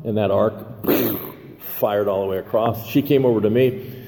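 A man's voice: fairly low pitch, moderate pace, mellow. An older man giving a personal recovery share, rambling with many fillers and restarts and a self-deprecating humor. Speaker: recovery meeting speaker. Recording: echoey hall with faint noise.

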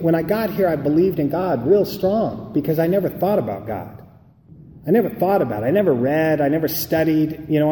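A man's voice: on the high side, warm tone, a little hiss or hum. A man giving an emphatic recovery talk, telling stories and acting out the dialogue. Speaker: recovery speaker. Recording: echoey hall recording.

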